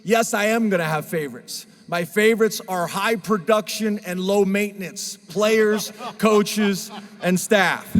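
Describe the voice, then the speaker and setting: A head football coach with a fairly high voice speaks earnestly and emotionally at a press conference, pacing himself a little slowly. The long reverb of a big room makes him sound somewhat distant and washed out.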